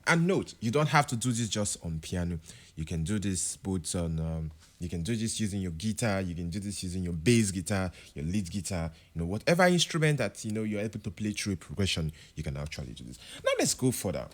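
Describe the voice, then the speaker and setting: Animated man teaching piano. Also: fairly quick. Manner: animated, sings example words to show pitch. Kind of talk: music tutorial.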